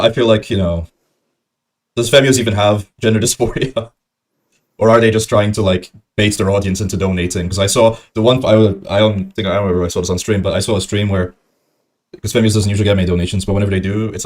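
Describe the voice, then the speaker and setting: A man's voice: on the low side, steady tone, brisk. A man streaming commentary on a debate clip, rambling with lots of ums and chuckling at his own jokes. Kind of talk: casual commentary.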